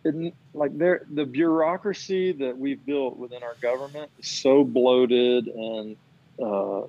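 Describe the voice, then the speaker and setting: A man's voice: medium pitch, slow, mellow, muffled recording. A man in casual chat, ranting with plenty of profanity and acting out the people he quotes.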